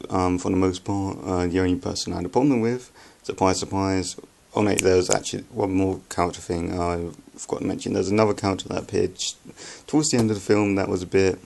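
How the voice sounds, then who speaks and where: A young man giving a casual, halting film review, with many ums and restarts as he talks to his viewers. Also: deep voice, vocal fry, darkish tone.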